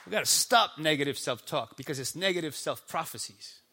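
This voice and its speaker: A man from the United States preaching a sermon in church with impassioned shouting and rhetorical questions. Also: a little high, expressive, fairly quick, slight background noise. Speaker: pastor. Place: church before a congregation.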